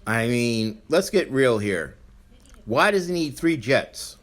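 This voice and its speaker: A man's voice: medium pitch, big pitch swings, slow pace. A man hosting a podcast, delivering an angry, profane, blunt rant. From Arizona, US. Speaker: podcast host. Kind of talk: ranting monologue.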